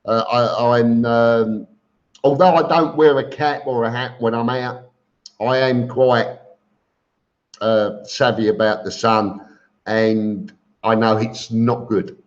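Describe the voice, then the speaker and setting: A man's voice: medium pitch, steady tone, takes it slowly. A man hosting a casual live stream, reading viewer comments aloud and answering them with chuckles. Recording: dull lo-fi stream audio.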